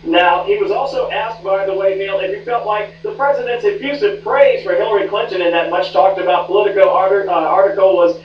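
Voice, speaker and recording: A man's voice: high-pitched, fairly even intonation, a little fast, few pauses, slight background noise. A man reporting live for a news show in a chummy, confiding manner. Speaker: news correspondent. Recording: echoey, distant, muffled rebroadcast.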